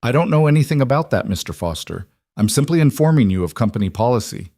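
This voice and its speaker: A man's voice: mid-range voice, animated, fast, dark tone, no echo, studio quality. A man voicing a cold corporate HR officer who speaks in a formal, bureaucratic way.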